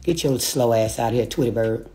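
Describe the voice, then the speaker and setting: Her voice rumbles low and mellow as she talks fairly quickly, faint music behind her. The woman is livestreaming from a rented house on her phone, delivering a profane, taunting rant and laughing between insults.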